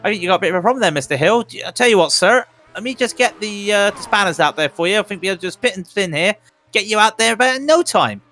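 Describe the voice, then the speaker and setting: A man voicing a gruff, chummy male pit mechanic with a West Country accent. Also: high voice, expressive, fast, pushed and bright, soft background music, voice pushed up. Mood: folksy. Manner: folksy, chummy, drawling.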